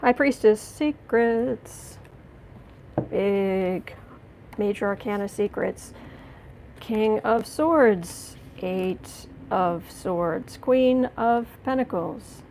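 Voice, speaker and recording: Speaking very slowly in a medium, slightly mellow voice, a woman runs a live tarot stream, reading out comments from viewers and reacting with outrage. She argues back at them indignantly, often restarting and saying sorry. There's a little hiss or hum on the rough recording.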